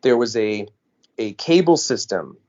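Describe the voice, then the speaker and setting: A man's voice: lowish voice, measured pace. An American man and podcast co-host, telling stories in a casual chat and acting out quoted lines. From United States. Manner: animated storyteller, acts out quoted voices. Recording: dull lo-fi audio.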